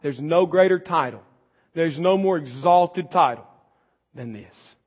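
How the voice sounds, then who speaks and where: A man preaching a sermon as pastor, building to shouted emphasis. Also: on the high side, unhurried. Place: church sanctuary. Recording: long church reverb, dull lo-fi sound.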